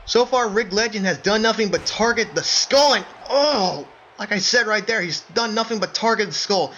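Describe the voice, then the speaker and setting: A play-by-play wrestling commentator with a high voice talks at normal speed, excitable and repeatedly breaking into shouts of surprise while calling listeners "folks." The recording is dull and lo-fi with faint noise.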